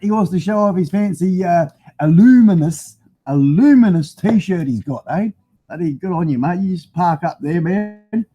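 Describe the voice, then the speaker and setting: A man's voice: high voice, expressive, normal speed, dark tone, husky, lo-fi sound. A middle-aged Australian man hosting a live stream from a home garage full of motorbikes, talking into a phone used as a webcam, rambling and chatty, laughing often and swearing mildly. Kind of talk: casual live-stream chat.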